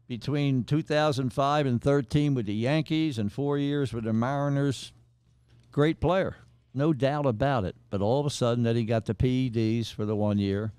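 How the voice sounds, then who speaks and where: Mellow smooth-voiced man giving a sports rant. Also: medium pitch, no echo. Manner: plainspoken, blunt. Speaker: podcast regular, nicknamed coach.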